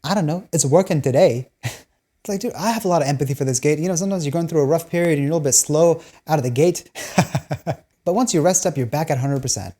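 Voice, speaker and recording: A woman's voice: deep voice, fast talker, dark tone. A woman hosting a video, explaining personality types through laid-back, jokey stories and laughing between lines. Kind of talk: casual storytelling monologue.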